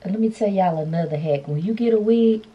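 In a hotel room, a woman vlogger chats casually and playfully with her viewers while styling a wig, a casual beauty vlog. Her mid-range voice is husky and a little fast, and the audio is dull.

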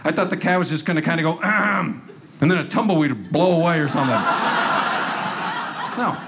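A man doing stand-up comedy on stage, acting out scenes with lively, exasperated energy. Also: on the high side, quick pace. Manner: animated, acts out scenes. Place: comedy stage before a live audience. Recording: loud crowd and room noise. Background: audience laughter.

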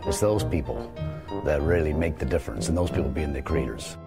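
A man in a documentary interview, speaking haltingly and searching for words as he talks about working with cartoonists. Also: very deep voice, vocal fry, over loud music.

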